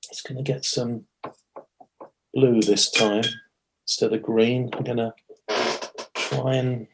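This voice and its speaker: A man's voice: mid-range voice, flat delivery, slow, vocal fry, noisy background. A man teaching watercolour painting in a live demonstration, thinking aloud as he works, correcting himself mid-sentence and joking at his own expense. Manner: chatty, thinks aloud while working; self-deprecating humour.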